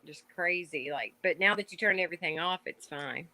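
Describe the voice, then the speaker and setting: A woman's voice: fairly low pitch, brisk, pushed and bright. A woman from Kentucky with a Southern accent, talking casually as a guest on a live stream call, rambling with lots of "like". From Kentucky, USA. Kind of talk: casual chat. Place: outdoor patio at night.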